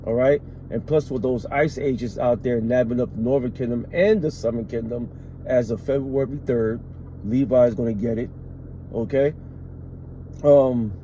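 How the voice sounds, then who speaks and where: A man preaches scripture in a very dark, mellow voice and stresses his points hard. He reads a verse aloud and then explains it. The recording sounds muffled, with faint noise behind him. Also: mid-range voice. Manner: emphatic, repeats "all right" and "man". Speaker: street preacher. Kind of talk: scripture teaching.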